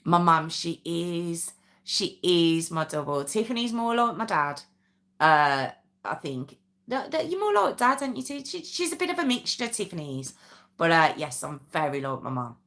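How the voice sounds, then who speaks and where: Woman, English Midlands accent, casual live-stream chat, animated rising-and-falling pitch, bright tone. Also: normal speed. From England. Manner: chatty, rambling, self-deprecating, reads viewer comments aloud. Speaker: true crime livestream host.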